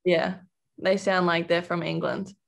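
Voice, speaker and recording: A woman's voice: lowish voice, flat delivery, a little slow, vocal fry. A young Australian woman in her twenties, a college basketball player chatting casually in an interview, laughing often and filling her talk with "like".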